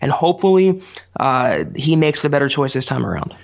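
A man's voice: mid-range voice, sing-song, fairly quick, creaky, dull audio. A man co-hosting a sports podcast, talking casually, frustrated and reflective. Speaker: podcast co-host.

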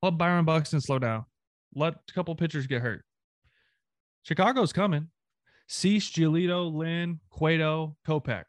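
A man's voice: a little high, a little slow, dry recording. A man from the American South ranting emphatically, with swearing, as a co-host of a casual sports talk show.

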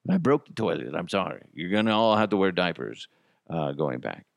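A man's voice: low-pitched, lively intonation, brisk, vocal fry, no room sound. Guy putting on a sheepish astronaut dude, hesitant and sorry, dry sound. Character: sheepish male astronaut confessing he broke toilet.

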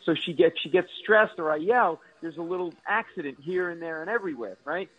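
A man's voice: fairly high pitch, a little fast, slightly rough, muffled recording. A middle-aged man, a stand-up comedian, telling exaggerated, self-mocking stories as a radio guest. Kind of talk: comic storytelling on radio.

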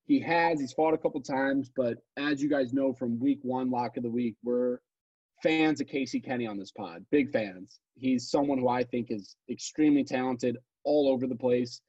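A man's voice: mid-range voice, normal speed, darkish tone, husky, no echo, muffled recording. A man co-hosting a podcast, talking casually about betting picks with rambling asides and self-corrections. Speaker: podcast co-host. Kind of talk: casual sports betting chat.

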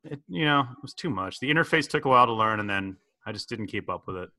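A man in his forties hosts a podcast in an easygoing, jokey chat. His voice is bright and it rises and falls a lot as he talks. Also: on the low side, quick pace. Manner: jokey, animated, slips into impressions. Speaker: podcast host. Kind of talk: casual chat.

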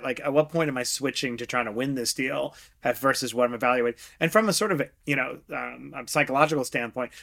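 Animated middle-aged man telling stories. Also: medium pitch. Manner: animated storyteller, acts out quotes, laughs often. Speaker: guest investor. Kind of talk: casual interview chat.

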